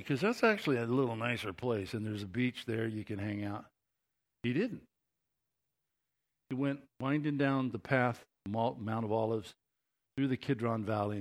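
A man preaching a sermon as pastor, talking conversationally and building to impassioned emphasis. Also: medium pitch.

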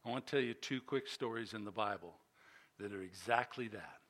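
An older man preaching a sermon, telling a personal story in an animated, chatty and self-mocking way, with fillers and restarts. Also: on the low side, fairly quick. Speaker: pastor.

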